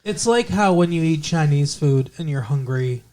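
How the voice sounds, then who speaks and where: A man co-hosting a podcast, chatting casually and rambling through a show recap, with restarts and quick character voices. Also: on the high side, lively intonation, a little mellow. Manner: rambling, self-correcting, puts on character voices. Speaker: podcast co-host.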